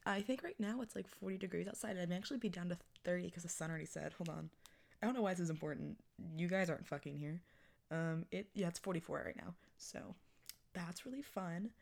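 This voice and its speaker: A woman's voice: lowish voice, fast, vocal fry, darkish tone. Young woman, early twenties, podcast host, casual rambling chat, self-mocking. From Texas. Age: 20s.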